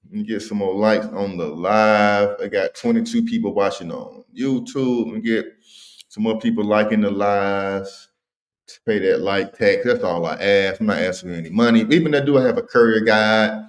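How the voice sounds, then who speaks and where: A man's voice: lowish voice, moderate pace. A man hosting a casual livestream, talking in slang and reading viewer comments aloud. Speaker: livestream host.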